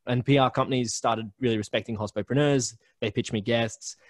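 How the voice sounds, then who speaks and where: A man's voice: medium pitch, fairly even intonation, brisk, no echo. A young Australian man in a casual remote interview, telling stories with lots of fillers and restarts. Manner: chatty storyteller with many fillers and restarts. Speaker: podcast network founder, guest. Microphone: remote call recording.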